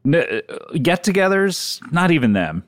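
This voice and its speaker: A man co-hosting a podcast, talking in an animated, mock-serious way and laughing often. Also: fairly high pitch, moderate pace, no room sound, clean studio sound. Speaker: podcast co-host. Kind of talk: casual comedic chat.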